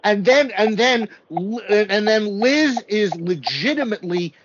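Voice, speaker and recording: High-voiced man telling a slow recap. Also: muffled recording, a crowd in the background. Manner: animated storytelling, acts out quotes. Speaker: podcast co-host. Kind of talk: casual TV recap chat.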